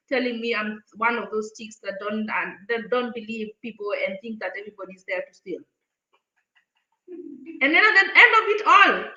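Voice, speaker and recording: Animated high-voiced woman vlogger. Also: reverberant, low-quality recording. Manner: animated, indignant retelling with acted-out quotes. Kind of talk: casual storytelling to camera.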